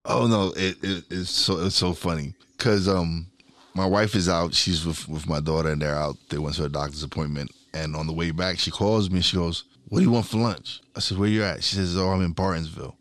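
Low-voiced New man, chuckling. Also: steady tone, brisk, a bit bright, no room sound. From Brooklyn, New York. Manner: chuckling anecdotal storyteller. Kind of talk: casual chat.

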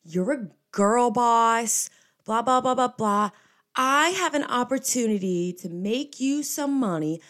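A gushing young Southern woman delivers a sugary sales pitch as a woman puts on the voice. It sits well above her usual pitch and drawls slowly, so every compliment oozes. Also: fairly bright tone. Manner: overly sweet, drawn-out sales pitch.

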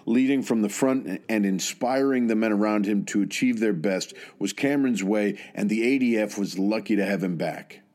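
A man narrating a tribute in an earnest, measured and solemn way, with some hesitant asides. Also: on the low side, darkish tone. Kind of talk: scripted narration.

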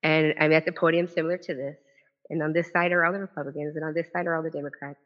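Woman telling her story at a podium. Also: low voice. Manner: animated storytelling with quick restarts and quoted dialogue. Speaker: author and former legislator giving a talk. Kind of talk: personal storytelling speech to a live audience. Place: at a podium at a public event. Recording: dull lo-fi event recording.

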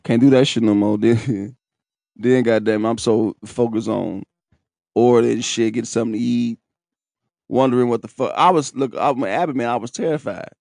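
A man telling his own story in casual, profane, animated talk, laughing and breaking into high shouts. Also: normal speed, creaky, dry recording, clean studio sound.

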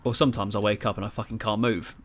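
A man's voice: fairly low pitch, little pitch movement, quick pace. A man, co-hosting a casual podcast chat, joking and swearing freely. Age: 20s. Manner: swears freely, jokey banter. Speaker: podcast co-host.

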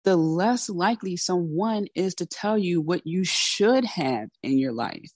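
A woman's voice: lowish voice, expressive, unhurried, a little mellow, no room sound, studio quality. A woman hosting a motivational podcast who coaches listeners in a direct, candid, conversational way. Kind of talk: motivational solo talk.

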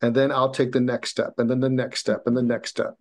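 A man's voice: mid-range voice, brisk. A man telling a personal story as a podcast guest, swearing freely and acting out what others said. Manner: animated, swears freely, acts out quotes. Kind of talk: casual storytelling.

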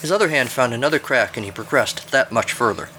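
Bright-voiced man telling a story. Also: medium pitch, lively intonation, fast, slight background noise. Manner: wry, playful narration. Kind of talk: reading his own story aloud.

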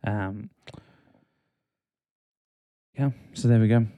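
A man's voice: fairly low pitch, extremely slow, narrow, tinny audio. A man hosting a casual podcast chat, reading album facts aloud and laughing at clumsy wording. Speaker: podcast host.

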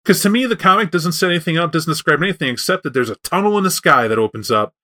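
Guy rambling on a podcast about tabletop games, bright forward voice, keeps restarting his sentences. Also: fairly high pitch, fast. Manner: rambling, restarts, animated storytelling. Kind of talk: casual chat about tabletop role-playing.

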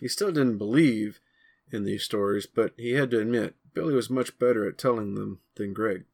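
A man narrating a chapter of his own novel in a measured, steady reading voice. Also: fairly low pitch, gravelly. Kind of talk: audiobook-style narration.

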